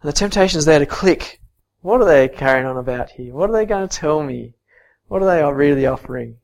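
A man preaching a sermon and reading scripture, earnest, swinging from soft to emphatic. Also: on the high side, animated, a little fast, gravelly.

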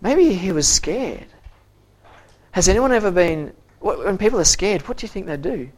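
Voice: medium pitch, animated, darkish tone. Teacher retelling a Bible story. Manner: retells the story in quoted voices and asks the listeners questions; halting, with frequent repeated words. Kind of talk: interactive Bible story lesson.

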